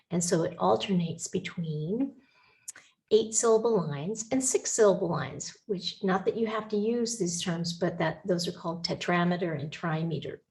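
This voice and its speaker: Woman prof talking over slides, lowish voice, restarts a lot, calm and reassuring. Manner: thinking aloud, restarts, gentle reassurance. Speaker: instructor. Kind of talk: recorded lecture over slides.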